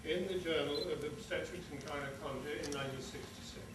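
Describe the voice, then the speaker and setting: An older man accepting an award speaks earnestly from a stage in a large conference hall, his voice on the high side, fast, and fairly even in intonation. The noisy recording is echoey and distant, and he ends with an emphatic warning.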